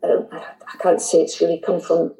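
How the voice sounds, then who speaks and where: A woman's voice: lowish voice, monotone, normal speed, dark tone, poor audio. A middle-aged woman telling a personal story to a host in candid, heartfelt speech that halts and restarts now and then. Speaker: guest.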